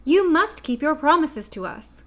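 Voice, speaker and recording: An earnest, insistent young girl questions a fraud wizard, her voice lifted higher than the narration, as a woman reading a storybook puts her on. She speaks up clearly and boldly. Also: big pitch swings, measured pace, a bit bright, heavily acted.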